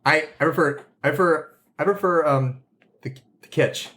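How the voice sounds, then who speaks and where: A man's voice: a little high, moderate pace, bright, forceful tone. A man co-hosting a podcast in casual chat, hesitant and fumbling for names with lots of fillers. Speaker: podcast co-host.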